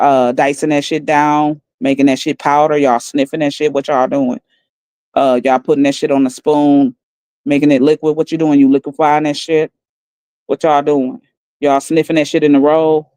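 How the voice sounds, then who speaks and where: A woman livestreaming on her phone, taunting and mocking others in a calm, profane, smooth way. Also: low-pitched, no room sound. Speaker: livestream host. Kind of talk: casual livestream rant.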